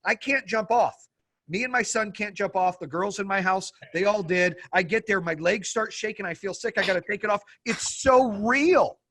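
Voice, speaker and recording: A middle-aged man hosts a casual podcast chat. He talks in a slightly high voice and tells stories with animation, voicing the people in them. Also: brisk. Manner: animated storyteller, acts out quotes. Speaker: podcast host.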